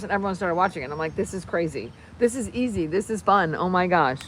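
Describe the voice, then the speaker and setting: A woman in her fifties hosting a casual livestream, reading viewer comments in a rambling, excitable way with many fillers and restarts. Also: fairly low pitch, quick pace, a little hiss or hum. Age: 50s. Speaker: livestream host.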